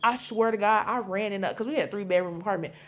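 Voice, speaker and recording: A woman's voice: medium pitch, fast. Blunt woman telling a wild story. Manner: animated, blunt, swears freely. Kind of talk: casual storytime.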